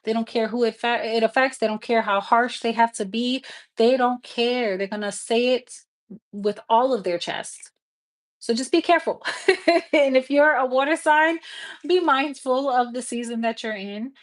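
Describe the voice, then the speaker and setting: A woman's voice: on the high side, moderate pace. A woman giving a live tarot reading, talking to viewers in a casual, frank and encouraging way and swearing freely. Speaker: tarot reader.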